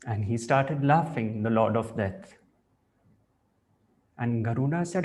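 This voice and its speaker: A man giving a spiritual talk, reflective and deliberate, weaving in a parable. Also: mid-range voice, a little mellow. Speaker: spiritual teacher.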